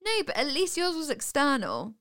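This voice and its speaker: A giggly woman chatting on a podcast, her voice sitting a little high and swooping all over the place. She laughs easily and keeps the talk animated. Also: moderate pace. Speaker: podcast co-host. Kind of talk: casual chat.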